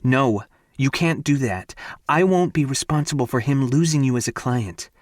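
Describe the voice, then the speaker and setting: A man voicing a flustered, defensive young woman in an audiobook, sharp and exasperated. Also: mid-range voice, normal speed, dry recording, clean studio sound, voice pushed up, lightly acted. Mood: distressed. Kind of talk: audiobook character voice.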